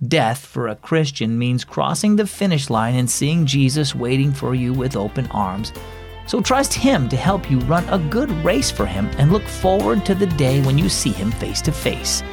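A man's voice: a little high, creaky, no room sound, clean studio sound. A man hosting a children's devotional program, reading a story and teaching in a scripted narration. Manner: warm storytelling read, acts out character lines.

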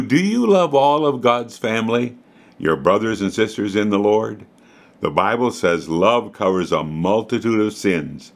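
A man hosting a children's devotional program, reading scripture and a story aloud, expressive and slowing down for emphasis. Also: fairly low pitch.

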